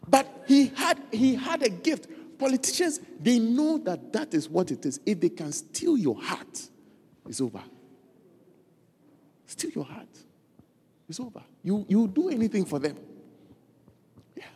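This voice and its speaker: A preacher giving an animated sermon, repeating key phrases for emphasis and acting out quoted voices. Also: mid-range voice, unhurried, long pauses, slightly rough. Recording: reverberant hall.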